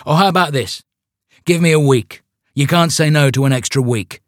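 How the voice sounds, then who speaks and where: A man voicing a bossy, pompous young male leader of a small satanic sect, ranting in a raised, loud voice. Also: medium pitch, normal speed, no echo, clean studio sound, pitched above the performer's own voice, natural voice. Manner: grandiose, ranting.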